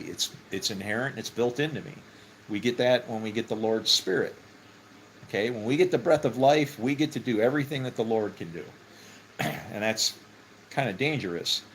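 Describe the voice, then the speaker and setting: A Bible teacher, a man with a medium-pitched voice, teaches scripture casually and conversationally, packed with fillers and "okay?" check-ins and sudden excited rises for emphasis. The audio is poor, with slight background noise.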